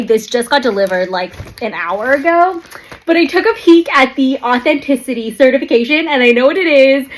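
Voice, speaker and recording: A young woman in her twenties talking casually in a handbag unboxing vlog, gushing and excitable, full of "like" and "um", teary with excitement at times. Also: high voice, slight background noise. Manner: gushing and excitable, lots of fillers like "like" and "um". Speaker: luxury handbag vlogger.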